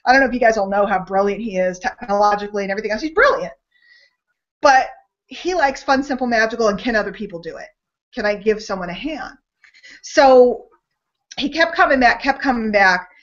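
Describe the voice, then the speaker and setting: Woman, fairly high voice, gushing webinar host, chatty, muffled lo-fi call sound. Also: lively intonation, fairly quick. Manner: gushing, chatty, laughs often. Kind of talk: upbeat sales webinar talk. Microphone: online call mic. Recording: dull lo-fi online call audio.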